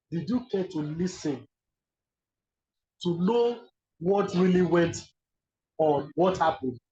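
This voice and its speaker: Animated Nigerian man lecturing online. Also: sits high, reverberant. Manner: animated, acts out quoted speakers. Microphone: video call. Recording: dull lo-fi video call audio.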